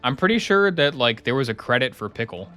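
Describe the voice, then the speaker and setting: Guy streaming a game and riffing, bright voice, sarcastic ramble. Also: medium pitch, big pitch swings, brisk, faint music behind. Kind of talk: casual live-stream chat while gaming.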